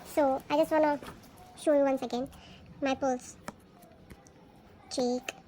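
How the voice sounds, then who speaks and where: A woman unboxing albums on a casual vlog, gushing excitedly and gasping at each card she pulls. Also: high-pitched, slow, slight background noise.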